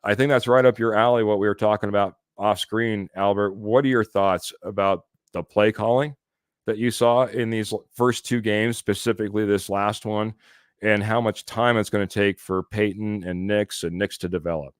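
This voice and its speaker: A man's voice: lowish voice, steady tone, moderate pace, clean tone, no room sound, studio quality. A man hosting a live sports podcast, chatting casually, reading viewer comments aloud and laughing often. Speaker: podcast host.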